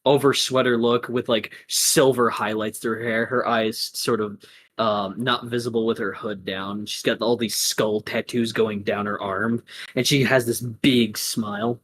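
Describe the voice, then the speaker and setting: A man narrating a tabletop role-playing game as game master, casual and animated, with many fillers. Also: on the low side, a little slow, a little hiss or hum.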